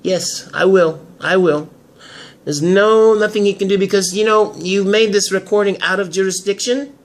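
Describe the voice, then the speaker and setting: A man voicing a confident woman lawyer in an amateur soap drama, making firm, drawn-out threats. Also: high-pitched, steady tone. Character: sharp, confident woman lawyer, cornering a blackmail target.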